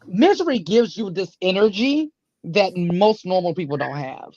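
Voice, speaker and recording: A woman co-host speaks calmly in a casual livestream chat. Her voice comes through dull and dry, with a muffled, roomless sound. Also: lowish voice, normal speed, dry recording.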